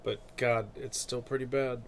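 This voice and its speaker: A man's voice: medium pitch, little pitch movement, normal speed, slight background noise. A man streaming live, chatting casually in a rambling way, laughing often and correcting himself. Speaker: streamer and artist.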